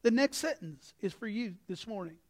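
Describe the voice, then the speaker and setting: Impassioned pastor preaching a sermon. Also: male voice, sits high, expressive, moderate pace. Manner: impassioned, breaks into sudden shouts; folksy, anecdotal.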